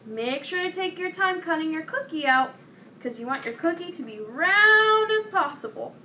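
Here a young woman hosts a children's program, reading a storybook and explaining a craft in slow, clear, kid-friendly speech. She has a high, bright voice and lively intonation, recorded on a distant mic with a faint hiss.

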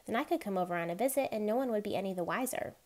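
A woman's voice: mid-range voice, lively intonation, racing, a little mellow, lightly acted. A woman reading a novel aloud, voicing a curious, friendly young boy in a slightly raised voice. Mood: eager.

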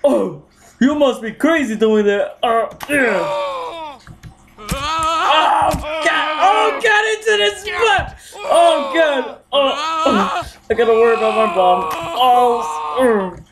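A gaming video host giving loose let's-play commentary, yelping, shouting and laughing while taunting the characters on screen. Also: high voice, slow, a loud crowd. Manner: excitable, yelps and shouts, frequent laughs; talks to game characters, taunting.

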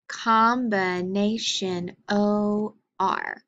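A woman teacher working through a phonics lesson, naming each letter and sound with slow, deliberate care. Her pace is very unhurried, and the recording sounds dull and lo-fi. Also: mid-range voice, a bit bright.

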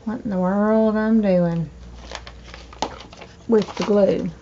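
A woman hosting a crafting video, chatting slowly to herself while she trims and glues, with hiccups now and then. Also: medium pitch, fairly even intonation, warm tone. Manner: slow, chatty, talking to herself while working. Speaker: crafting channel host. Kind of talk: casual crafting narration. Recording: dull lo-fi home recording with faint noise.

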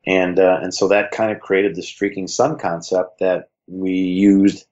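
A man in his sixties with a heavy Chicago accent and a low voice speaks at a measured pace, with the highs cut off in the audio. As an interview guest and former league creative director, he tells stories in a relaxed, reflective, conversational way, using fillers like "you know."

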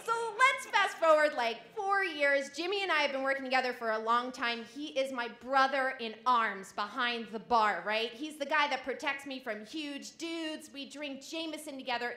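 A woman telling a frank, animated comic story on a live stage, often laughing through her lines. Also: high-pitched, echoey room.

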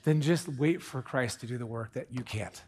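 A man preaching a sermon from the pulpit, animated and earnest, dropping into hushed intensity for emphasis and tossing in casual jokey asides. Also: medium pitch, moderate pace, husky. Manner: jokey asides with put-on accents. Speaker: pastor. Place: church sanctuary.

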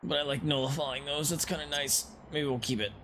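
A man hosting a let's play, chatting and exclaiming excitedly while he plays. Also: on the high side, a little fast, a little hiss or hum. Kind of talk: gameplay commentary. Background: game music.

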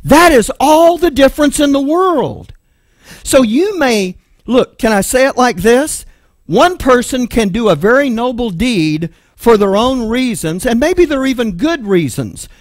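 A man's voice: sits high, big pitch swings, measured pace, no room sound, studio quality. A man with a Texan accent preaching a sermon, emphatic and full of rhetorical questions. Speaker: pastor.

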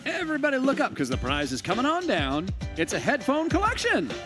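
A man announcing contestants and prizes on a game show in a showy, drawn-out style. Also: very high-pitched, wildly swooping pitch. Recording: loud music behind.

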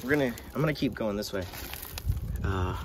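A man prospecting in a hard rock mine, giving excited running commentary to his viewers as he works. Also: on the low side, fairly quick, recorded from a distance, noisy background. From United States. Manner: excitable, marvelling, talks to viewers.

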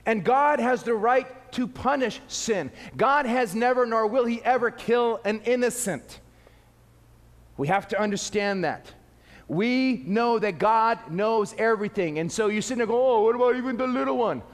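Brief: male preacher, high-pitched and animated, long church-hall reverb. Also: measured pace. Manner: animated, acting out little scenes. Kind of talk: sermon.

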